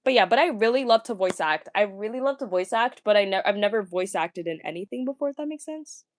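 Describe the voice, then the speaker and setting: A young woman talking casually, ranting to viewers, stammering and repeating words, with a fairly deep voice for a woman. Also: lively intonation, fast talker, no room sound. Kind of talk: casual rant.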